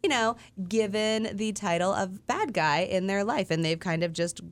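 A woman's voice: medium pitch, normal speed, no room sound. A woman in her thirties, co-hosting a morning radio show, who talks casually and laughs often. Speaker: co-host.

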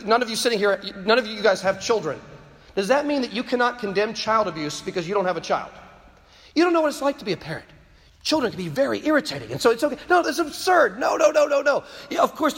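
Impassioned high-voiced man in an echoing hall. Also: fairly bright tone. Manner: impassioned, repeats words when stressing a point. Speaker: speaker addressing students. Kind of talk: preaching-style talk to a live audience. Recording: long hall reverb.

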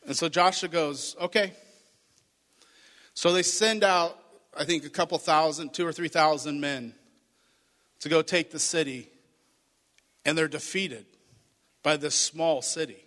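A man's voice: on the high side, a bit bright. Man preaching a story sermon in a hall. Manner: storytelling, acting out voices of Bible figures. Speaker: pastor. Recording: reverberant hall.

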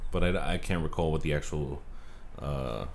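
A man's voice: rumbling low, normal speed, crowd noise. A man co-hosting a casual podcast, easygoing, reacting to the others and asking curious questions. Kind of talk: casual chat.

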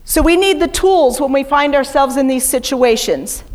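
A woman's voice: high-pitched, lively intonation, moderate pace, darkish tone. A middle-aged woman preaching as a guest speaker in a church, chatty and self-deprecating. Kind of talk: sermon. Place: church sanctuary.

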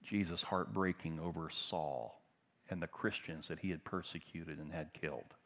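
Impassioned low-voiced male preacher. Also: steady tone, normal speed. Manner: impassioned, swings between loud emphatic bursts and hushed tender lines. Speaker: pastor. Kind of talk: sermon.

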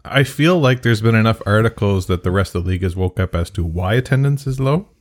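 A man's voice: lowish voice, lively intonation, fast. A man co-hosting a casual hockey podcast, making wry remarks. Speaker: podcast co-host. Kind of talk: casual sports podcast chat.

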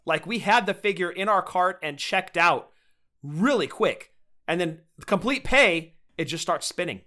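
Casting: male podcast co-host, bright and forceful tone, fairly high voice, eager. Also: expressive, measured pace. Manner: enthusiastic collector talk. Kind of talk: casual chat.

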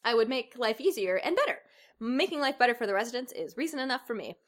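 A woman's voice: on the high side, big pitch swings, quick pace. A woman voicing a perky, cheerful female helper being while reading fan fiction aloud. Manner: bright and upbeat.

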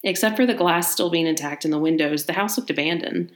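A woman reading a short story aloud in a relaxed manner. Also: lowish voice, a little fast. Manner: relaxed, laughs easily between passages.

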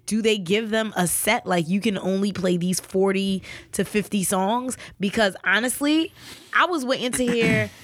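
A woman co-hosting a casual podcast, talking expressively and reacting with quick quips. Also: mid-range voice. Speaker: podcast co-host. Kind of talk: casual chat.

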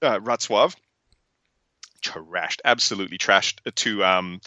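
Bright, sweary Australian man. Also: fairly low pitch, takes it slowly, no echo. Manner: rambling, sweary, animated storytelling. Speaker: guest. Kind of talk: casual podcast interview.

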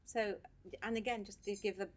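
A woman guest on a podcast, telling stories from her life in a casual, animated way. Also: mid-range voice, normal speed. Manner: animated storyteller, laughs often. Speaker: podcast guest, social worker. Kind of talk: casual storytelling chat.

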